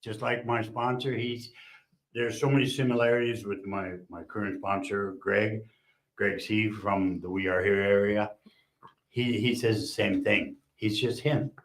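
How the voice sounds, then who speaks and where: A man's voice: lowish voice, echoey room, poor audio. A man speaking as a guest in casual chat, blunt, joking and earnest.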